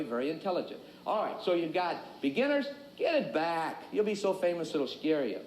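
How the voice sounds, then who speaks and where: A man teaching tennis in an instructional lesson, talking in a folksy, joking, energetic coaching way. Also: sits high, reverberant, a little hiss or hum, low-quality recording.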